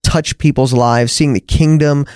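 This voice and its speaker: A man's voice: fairly high pitch, fairly even intonation, measured pace, darkish tone, smooth, dry recording, studio quality. A man hosting a faith podcast, enthusiastically affirming his guest's story. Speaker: podcast host.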